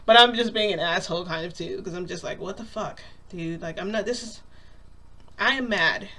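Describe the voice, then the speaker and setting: A woman's voice: medium pitch, fairly quick, bright, forceful tone. Rambling woman telling a story. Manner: rambling, lots of "like", acts out quotes. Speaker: vlogger. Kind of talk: casual storytelling.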